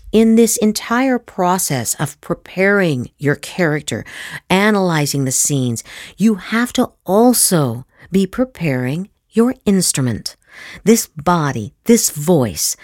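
A middle-aged woman giving an acting master class, emphatic and lively, slipping into demonstration voices. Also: deep voice, no echo, clean studio sound. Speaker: acting teacher.

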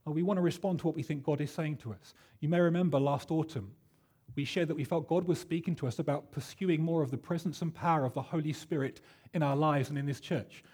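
A man preaching a sermon, telling stories with animated voices for the people in them. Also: a little high, fast talker, breathy edge. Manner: animated storytelling, acting out voices in quotes. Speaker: pastor.

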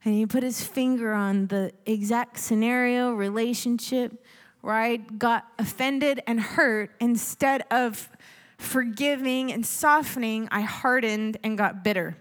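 Woman preacher, high voice, earnest pleading sermon delivery with quiet asides. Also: measured pace.

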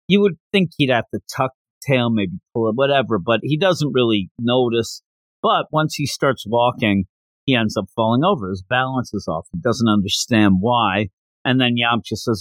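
A man hosting a podcast, casually recapping a manga chapter in an animated way and slipping into quick character voices. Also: medium pitch, no echo. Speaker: podcast host.

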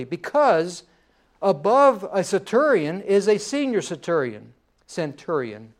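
A man's voice: sits high, very animated, unhurried. A male pastor preaching a sermon in a conversational way, often repeating phrases and checking in with "right?".

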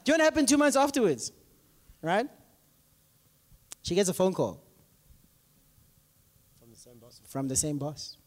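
High-pitched guy pastor, super lively ups and downs, keeps asking are you with me, big hall echo. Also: normal speed, pauses often. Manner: animated, asks congregation often, many fillers. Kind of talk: conversational sermon with stories. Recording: long hall reverb.

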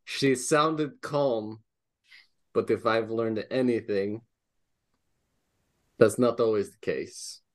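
A man serving as dungeon master for a tabletop game. He talks slowly in a fairly low voice, measured and thinking aloud as he works things out.

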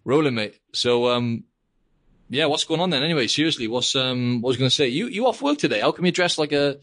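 A man hosting a podcast in casual chat over a video call. He talks in halting, rambling bursts and laughs often. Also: mid-range voice, expressive, a bit bright. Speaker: podcast host.

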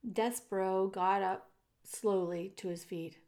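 A woman reading a children's book aloud chapter by chapter, in an expressive way that speaks directly to the listener. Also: medium pitch, takes it slowly, creaky. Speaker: storyteller.

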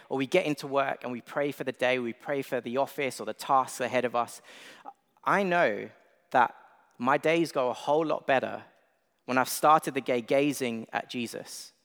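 A young man preaching a sermon in a relaxed, conversational and self-deprecating way, with plenty of filler words. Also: mid-range voice. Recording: long reverb of a large hall.

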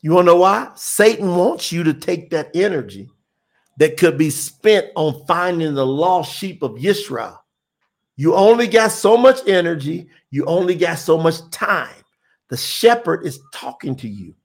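A man's voice: on the high side, animated, measured pace, gravelly. A middle-aged man, preaching in an emphatic, repetitive, folksy way during a livestream sermon to online viewers.

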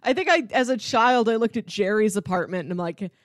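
A woman's voice: mid-range voice, lively intonation, a little fast, no room sound, studio quality. A woman co-hosting a podcast, chatting casually and analytically about a sitcom, often laughing. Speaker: podcast co-host. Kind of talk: casual chat.

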